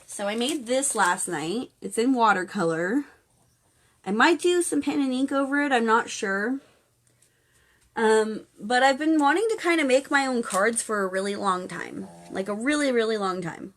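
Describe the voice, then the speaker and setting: A young woman rambles through a casual spiritual livestream at home, reading viewers' comments out loud and offering earnest, coaxing encouragement. Her voice is on the high side and animated, at normal speed, captured by a phone or webcam.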